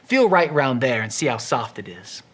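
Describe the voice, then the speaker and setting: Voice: medium pitch, big pitch swings, normal speed, a bit bright, slightly rough. A narrator voicing a coaxing lonely ranch wife.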